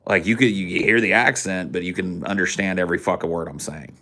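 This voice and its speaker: Deep-voiced American man, casual and profane. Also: a little fast, sharp tone. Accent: mix of rural American and General Californian. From United States. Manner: profane, rambling, puts on mock accents. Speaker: podcast co-host. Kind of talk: casual chat.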